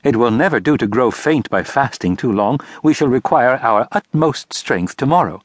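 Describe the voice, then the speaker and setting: A man voicing a calm, practical, steadfast mother in a storybook reading. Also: medium pitch, moderate pace, no room sound, clean studio sound, close to an everyday voice.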